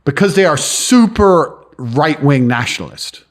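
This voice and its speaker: With a fairly high, sing-song voice and an unhurried delivery, this man shows off through brash, crude stories on a podcast, imitating what others said. He lives in London, and the chat is casual.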